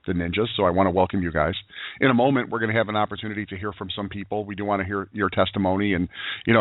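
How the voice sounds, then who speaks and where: A man hosting a daily internet radio show, talking in an energetic, preachy way full of rhetorical questions and "you know"s. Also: fairly low pitch, no room sound. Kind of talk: motivational call-in show talk. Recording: tinny phone-line sound, dry.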